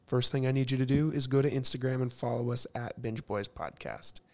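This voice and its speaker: A young man hosting a podcast, talking low and hushed late at night and reading an ad. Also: steady tone, a little fast. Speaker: podcast host. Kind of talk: casual podcast chat and ad read.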